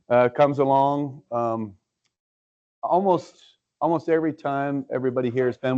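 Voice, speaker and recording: Man, church presenter, halting speech full of fillers, muffled lo-fi recording. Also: mid-range voice, darkish tone. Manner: halting, many filler ums and uhs. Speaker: church mission trip presenter. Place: church sanctuary.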